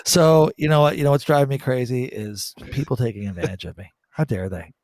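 A man's voice: mid-range voice, fairly quick, no room sound. Joking man spinning a story. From Bermuda. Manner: animated, joking, swears for laughs. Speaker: podcast co-host. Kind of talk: casual storytelling chat.

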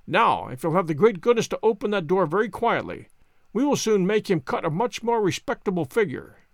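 A man voicing a calm, sharp-witted detective who speaks in a measured, composed way. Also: sits high, dry recording, studio quality.

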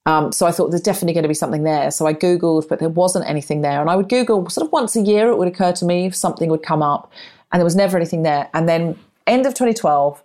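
A middle-aged woman telling a personal story in casual chat, acting out voices with big jumps in pitch. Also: fast talker. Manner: animated, acts out her own and others' lines with big rises in pitch.

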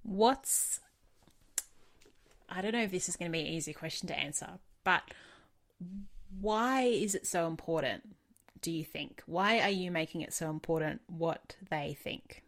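Calm woman guiding a tapping session. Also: on the low side, a little slow. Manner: calm, directive prompts. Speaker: podcast host and tapping coach.

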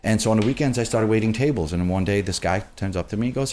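A man in hospitality telling stories in a casual chat, acting out the people he quotes with lively energy. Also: lowish voice, very fast, slight background noise. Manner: animated, acts out quoted people. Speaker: bar and restaurant group manager. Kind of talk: casual conversational storytelling.

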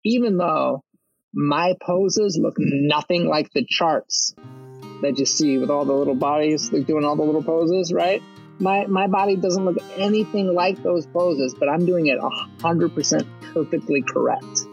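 A man's voice: fairly high pitch, measured pace, vocal fry, lo-fi sound, faint music behind. A veteran and motivational speaker from Baltimore, telling his story with swearing and acted-out quotes. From Baltimore, USA. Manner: animated storyteller with profanity, acts out quotes. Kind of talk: storytelling interview.

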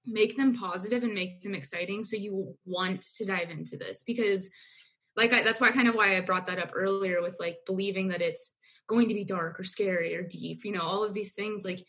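A woman's voice: medium pitch, a little fast, a bit bright. A young adult woman, a business coach, talking candidly in a casual podcast conversation, with lots of filler words. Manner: candid, uses filler "like" and mild swearing.

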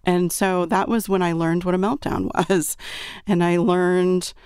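A woman's voice: on the low side, little pitch movement, measured pace, darkish tone, clean tone, dry recording, clean studio sound. A woman, a parent, earnestly telling a personal story and often checking in with "right?". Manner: earnest, reflective, frequent "right?" check-ins.

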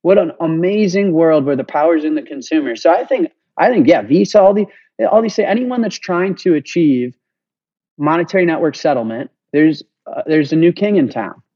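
A man talking as a podcast guest, passionate and fast-flowing, swearing casually as he makes his case. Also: a little high, lively intonation, mellow, breathy edge, dry recording, highs cut off. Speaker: guest, payments company founder. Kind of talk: energetic podcast interview.

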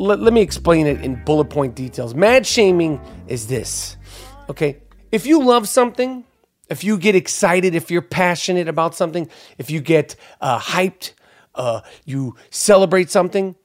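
Man, high-pitched, loud profane rant, lots of uh and um, podcast host, dry studio sound. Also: no room sound. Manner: loud, profane, ranting with many fillers.

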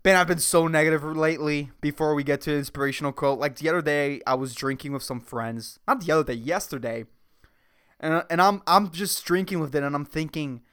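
A man's voice: a little high, lively intonation, normal speed, a bit bright, clean tone. A man hosting a solo podcast, ranting sarcastically with lots of swearing and laughing at his own jokes. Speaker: podcast host.

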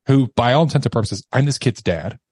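A man's voice: medium pitch, expressive, quick pace, a little mellow, husky, no room sound. A man in his thirties, a podcast guest, telling a harrowing personal story with emotion and acting out the voices of others. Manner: emotional, acts out quoted voices, laughs nervously.

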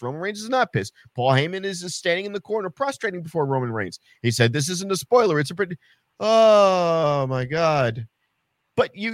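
A man casually chatting about wrestling as a podcast co-host, animated and sarcastic, swearing freely. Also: high voice, no echo, studio quality.

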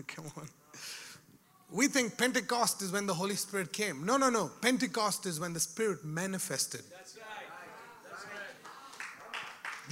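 A man preaching a sermon, dropping to a hush and rising to shouts, calling out to his listeners. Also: high voice, lively intonation, unhurried, long pauses. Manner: swings from hushed to shouted, calls out to the crowd.

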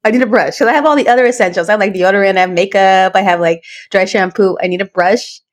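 Fast-talking chatty woman co-host. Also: mid-range voice. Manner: animated storyteller, code-switches between English and Spanish. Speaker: podcast co-host. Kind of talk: casual chat.

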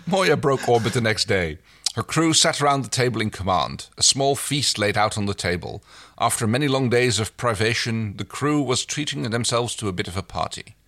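A man reads a story aloud with a bright, lively voice that moves up and down a lot. The delivery is animated and playful. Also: mid-range voice, normal speed. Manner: animated reading, laughs often. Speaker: reader. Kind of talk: reading fan fiction aloud.

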